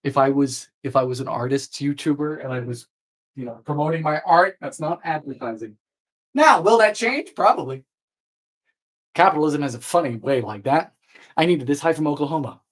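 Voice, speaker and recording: A man hosting a live baking stream, chatting playfully with viewers, trailing off and restarting, with sudden high squeals. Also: lively intonation, normal speed, low-quality recording. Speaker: baking show host.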